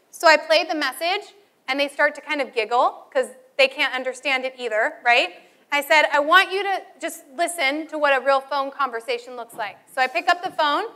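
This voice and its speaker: Woman teacher, high bright voice, lively storyteller acting out her classroom anecdotes. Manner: animated storytelling, acts out students and calls. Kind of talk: teacher training talk.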